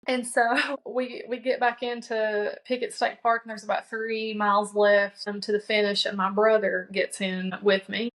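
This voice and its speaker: Woman telling a story in a flat voice. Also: medium pitch, normal speed, low-quality recording. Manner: conversational, many fillers and restarts; quotes herself and others in dialogue. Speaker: podcast guest. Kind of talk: personal storytelling.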